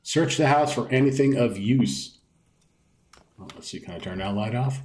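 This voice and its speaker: A man's voice: mid-range voice, normal speed, a little mellow, reverberant, poor audio. A man streaming a video game live, rambling casually, swearing now and then and reading on-screen text aloud. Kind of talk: casual live gameplay commentary.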